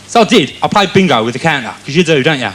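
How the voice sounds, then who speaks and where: A man's voice: on the high side, expressive, very fast, fairly bright tone. A man doing a rambling stand-up routine, chatty and storytelling. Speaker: stand-up comedian.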